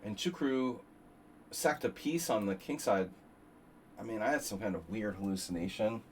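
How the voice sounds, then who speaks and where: A man's voice: on the low side, moderate pace, slight background noise. A man hosting a live chess stream, thinking aloud through move lines with rambling asides. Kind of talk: live-stream commentary while playing.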